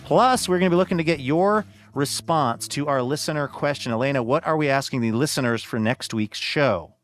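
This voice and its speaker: A man hosting a radio show, reading links and previews in an upbeat, brisk way. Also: medium pitch, faint music behind.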